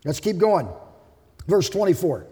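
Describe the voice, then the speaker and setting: A man's voice: high-pitched, sing-song, a little slow, warm tone, long reverb tail. A man preaching a sermon as pastor, emphatic, voicing the figures of the passage he reads.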